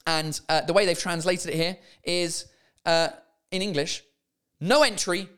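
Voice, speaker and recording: A man's voice: a little high, steady tone, moderate pace, fairly bright tone, clear, resonant tone. A man hosting a comedy podcast, chatting and swearing casually as he laughs his way through mistranslated signs. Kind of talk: casual comic monologue.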